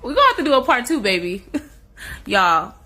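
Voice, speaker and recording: A woman's voice: a little high, wildly swooping pitch, moderate pace. A woman in casual chat who talks emphatically and speaks straight to her viewers. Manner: emphatic, addresses viewers directly. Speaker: co-host.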